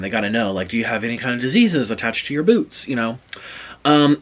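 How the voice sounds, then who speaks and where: A man's voice: medium pitch, fairly bright tone. A man vlogging, telling a chatty story in a casual way between bites of food. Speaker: mukbang vlogger. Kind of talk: casual storytelling while eating.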